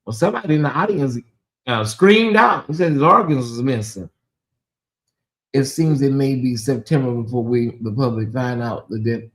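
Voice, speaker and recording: A man with a Southern US accent hosts a casual livestream, his medium-pitched voice a bit bright and at normal speed. He talks straight to his viewers, reading out their chat messages and answering them.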